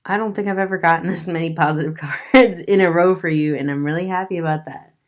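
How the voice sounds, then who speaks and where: Woman w a low voice reading tarot cards, chatty and rambly, laughs a lot. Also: quick pace. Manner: chatty, musing aloud, laughs often. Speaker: tarot reader. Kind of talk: casual tarot reading monologue.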